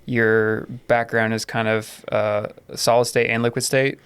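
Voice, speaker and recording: A man hosts a casual podcast interview, asking loose, friendly questions. His voice is mid-pitched, smooth and resonant. The recording is dry. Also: flat delivery, unhurried, fairly bright tone, dry recording. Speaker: podcast host.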